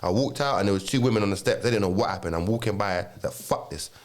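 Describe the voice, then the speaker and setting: A man's voice: lowish voice, very fast. A young man telling a story in casual chat, swearing often and acting out what people said in a raised voice. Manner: animated, swears a lot, acts out quotes in a raised voice. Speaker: podcast co-host.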